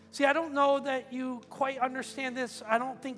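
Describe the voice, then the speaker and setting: A man's voice: very high voice, level tone, moderate pace, hardly any pauses, fairly bright tone, faint music behind. Middle-aged man, conversational pastor. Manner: conversational, personal storytelling with restarts. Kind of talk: sermon.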